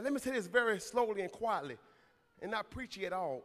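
A man preaching a sermon in a church, moving from quiet, slow talk to loud, shouted climaxes. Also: high-pitched, expressive. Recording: long hall reverb.

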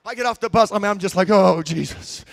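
A man preaching a sermon, telling stories with swings between shouts and quiet asides. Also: high voice, fast talker, gravelly. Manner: shouting, animated storytelling with swings from loud to quiet.

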